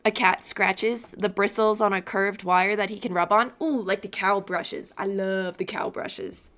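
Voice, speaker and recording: A young woman streaming a game from home on a boom-arm mic, chatting casually and talking to her cat in between. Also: fairly even intonation, a little slow, few pauses, a bit bright. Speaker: gaming streamer. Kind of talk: casual gameplay chat.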